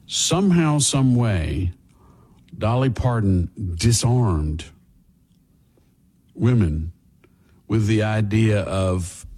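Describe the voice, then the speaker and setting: Male talk radio host, unhurried, husky and mellow, dry comic timing. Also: fairly low pitch, lively intonation. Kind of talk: radio call-in show.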